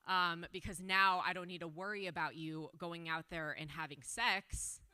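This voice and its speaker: A woman's voice: fairly low pitch, fairly even intonation, normal speed, pushed and bright, smooth, no room sound, pitched below the performer's own voice. A comedian voicing her blunt mother, who criticizes in a sweet, matter-of-fact way. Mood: sweetly blunt. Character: nagging middle-aged mother, bluntly critical.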